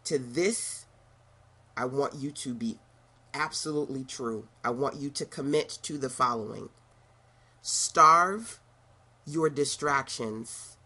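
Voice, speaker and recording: This middle-aged online business coach from Brooklyn, New York, has a very deep, husky voice that is a bit bright. Her motivational monologue is emphatic and repetitive, punctuated by laughing asides.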